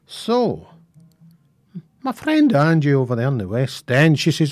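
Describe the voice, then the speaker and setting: A middle-aged Scottish man hosting a radio show, chatting casually and giving jokey shout-outs sprinkled with rhyming slang. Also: on the high side, huge pitch swings, unhurried, pauses often, dry recording. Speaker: radio presenter.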